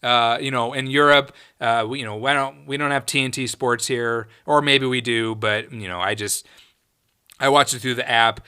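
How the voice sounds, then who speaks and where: A man's voice: mid-range voice, steady tone, normal speed, pushed and bright, smooth. A man hosting his own podcast, ranting in a heated, profane and emphatic way. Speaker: podcast host. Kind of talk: solo podcast rant.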